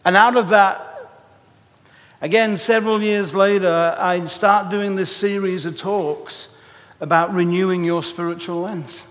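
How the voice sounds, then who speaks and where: A man preaching a sermon in an animated storytelling way, with jokey asides. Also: high-pitched, measured pace. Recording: echoey hall reverb.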